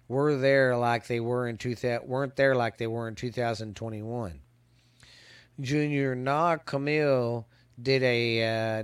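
A man's voice: mid-range voice, smooth, dry recording. A man giving a casual football season preview, stumbling and restarting as he reads stats, with hiccups. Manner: halting, stumbles and restarts while reading stats. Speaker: podcast host. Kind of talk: casual sports preview commentary. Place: hot outdoors.

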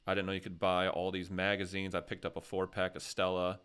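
A man's voice: low voice, monotone, brisk, a bit bright, clear, resonant tone. An American man hosting a casual podcast chat, telling rambling, jokey stories. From USA. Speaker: podcast host.

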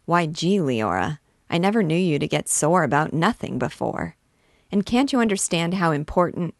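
Woman reader voicing young male doctor, irritable idealist, audiobook, low voice. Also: big pitch swings, moderate pace, no echo, clean studio sound. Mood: exasperated. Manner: exasperated, muttering to himself.

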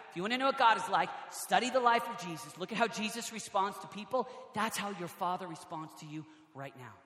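A young man preaching an energetic youth sermon, emphatic and often raising his voice to a shout. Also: sits high. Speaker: youth pastor. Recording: echoey large hall.

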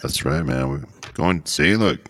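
A man's voice: rumbling low, lively intonation, measured pace, fairly bright tone, no echo. A man hosting a podcast in a casual chat, rambling and joking as he gets sidetracked. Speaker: podcast host.

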